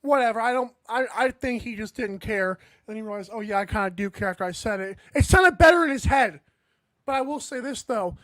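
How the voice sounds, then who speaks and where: A man's voice: extremely high pitch, expressive, a little fast, a bit bright, no room sound. Dry-sounding laid-back co-host, man. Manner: laid-back, opinionated, hedging. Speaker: podcast co-host. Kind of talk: casual sports talk.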